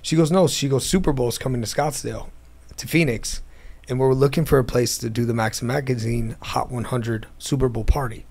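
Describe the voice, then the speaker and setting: Man, gravelly voice, animated storyteller, casual interview, hangar. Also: mid-range voice, fairly quick. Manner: animated, acts out quoted dialogue. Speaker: guest telling his business story. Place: airplane hangar.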